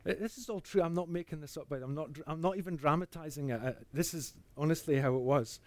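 An earnest man gives a personal faith testimony. His voice sinks to a near hush and then lifts with energy as the story builds. The sound is close and dry, with no room around it. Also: on the high side, fast, dry recording. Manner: earnest storytelling that swings between hushed and animated. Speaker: speaker giving a testimony.

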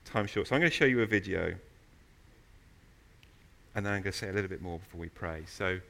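A man preaching a sermon in a church, telling stories with animated, loud emphasis. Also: deep voice, quick pace, gravelly.

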